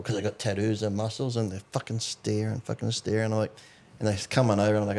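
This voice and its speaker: Fast-talking man swearing through stories. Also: lowish voice, little pitch movement, a little mellow. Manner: swears freely, acts out quotes while storytelling. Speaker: podcast guest. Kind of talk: casual chat.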